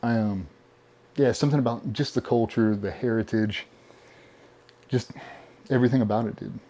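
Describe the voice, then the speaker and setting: A man being interviewed, telling animated stories casually with plenty of swearing. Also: mid-range voice, normal speed. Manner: profane, animated storyteller. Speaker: podcast guest.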